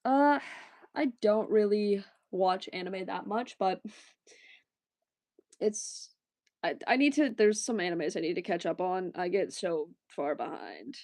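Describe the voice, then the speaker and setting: A woman's voice: medium pitch, animated, takes it slowly, a little mellow, no echo. A woman livestreaming, chatting casually and rambling as she answers her chat, often laughing.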